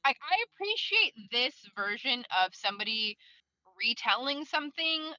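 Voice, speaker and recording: A woman's voice: high voice, normal speed, no echo, lo-fi sound. A woman in casual book club chat, rambling and swearing freely while she drives. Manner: rambling, swears a lot, lively.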